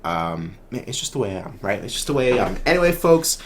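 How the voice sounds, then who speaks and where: A man's voice: lowish voice, very animated, quick pace. A man hosting an anime reaction video, chatting casually while closing it, rambling with many restarts and poking fun at himself. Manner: rambling, many restarts and fillers, self-mocking.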